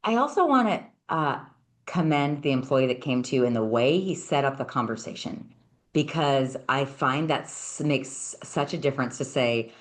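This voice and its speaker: Low-voiced woman podcast host. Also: lively intonation, normal speed. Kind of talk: casual conversational interview.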